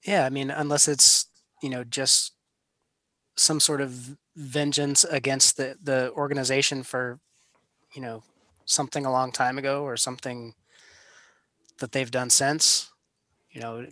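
A man's voice: medium pitch, level tone, measured pace, long pauses, bright, forceful tone, no echo. A man playing a tabletop role-playing game, talking in an easygoing, hesitant way. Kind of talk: casual in-character game talk.

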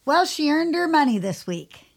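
A woman's voice: sits high, big pitch swings, normal speed, gravelly. A woman co-hosting a grooming podcast, chatting casually, sympathetic but teasing, and laughing easily. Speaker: podcast co-host, dog groomer. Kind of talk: casual chat.

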